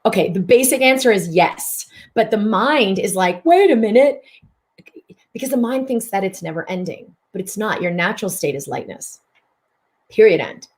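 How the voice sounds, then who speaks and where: A woman's voice: mid-range voice, lively intonation, moderate pace. A woman hosting a mind-body self-help broadcast. She talks expressively, repeats words for emphasis and slips into voicing inner thoughts. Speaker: host and physician.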